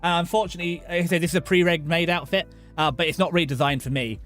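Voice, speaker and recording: A young British man hosting a livestream, rambling and joking excitably with many restarts. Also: a little high, quick pace, faint music behind. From Britain. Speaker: VTuber streamer host. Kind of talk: casual livestream chat.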